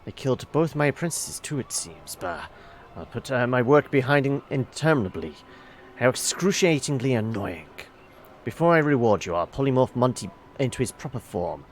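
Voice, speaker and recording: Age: adult. Sex: man reading as a haughty male wizard. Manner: sarcastic, middle pitch. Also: sing-song, moderate pace, slight background noise, close to an everyday voice. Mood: sardonic.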